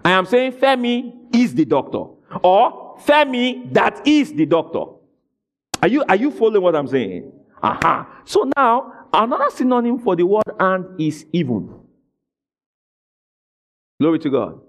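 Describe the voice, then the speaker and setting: A man preaching a sermon, asking his congregation questions and rising into shouted emphasis. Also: high voice, very animated, a little slow. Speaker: pastor.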